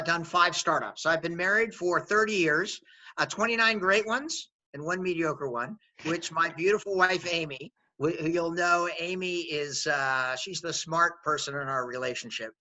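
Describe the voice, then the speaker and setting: A man in his sixties, a sales executive and podcast guest, telling his career story in an energetic, enthusiastic way. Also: on the high side, rough recording. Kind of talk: casual interview storytelling.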